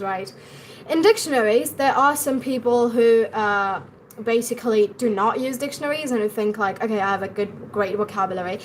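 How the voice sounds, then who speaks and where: A woman's voice: on the high side, a little hiss or hum. A young woman with an Indian English accent, teaching pronunciation on a live stream and answering viewers' comments as she goes.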